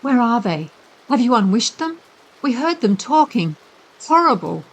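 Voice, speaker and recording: A woman voicing a frightened young girl who speaks in hushed, breathless, doubtful tones. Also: fairly high pitch, steady tone, slow, slightly rough, rough recording. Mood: scared.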